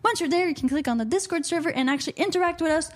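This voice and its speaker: A woman's voice: high voice, very fast. A woman co-hosting a call-in radio talk show, chatting casually and reading out live chat comments.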